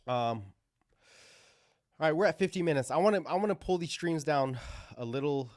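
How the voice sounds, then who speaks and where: A man's voice: a little high, animated, normal speed, no echo, studio quality. A man hosting a crypto livestream, talking casually and rambling through live chart commentary with lots of fillers and restarts.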